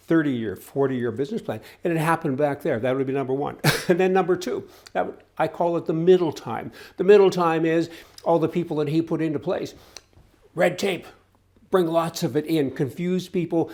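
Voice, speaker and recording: A man's voice: on the high side, darkish tone. Older man ranting folksy political commentary. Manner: folksy, rambling, sarcastic. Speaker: host.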